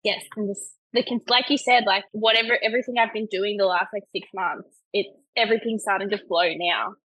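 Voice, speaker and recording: A woman's voice: mid-range voice, fairly even intonation, brisk, fairly bright tone, no room sound, low-quality recording. A woman personal trainer guesting on a casual podcast, chatty, leaning on "like" and laughing easily.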